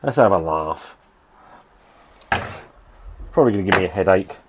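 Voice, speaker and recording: A man's voice: low voice, animated, normal speed, slight background noise. Brief: middle-aged male vlogger, sweary and rambling, voice swinging up and down. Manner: sweary, grumbling, rambling with restarts. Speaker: beer reviewer. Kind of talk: casual vlog review. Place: home shed.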